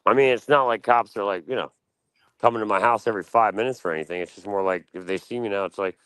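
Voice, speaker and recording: A man's voice: on the low side, quick pace, a bit bright, clean tone. An American man on a livestream panel, rambling casually and swearing a lot, calling everyone "dude" and "dog.". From United States. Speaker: panel guest.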